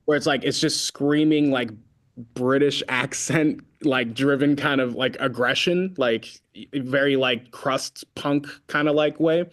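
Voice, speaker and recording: A man's voice: mid-range voice, a little slow. A man from California, a band vocalist as an interview guest, telling stories in a rambling way with lots of fillers. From Concord, California. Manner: rambling, filler-heavy, animated storytelling. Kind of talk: casual interview chat.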